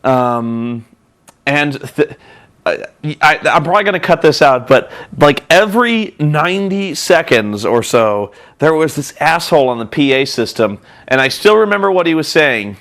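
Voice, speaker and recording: A man's voice: a little high, very animated, moderate pace, fairly bright tone. A man hosting a vlog, telling a rambling, profane, self-mocking story. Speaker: vlog host and reviewer.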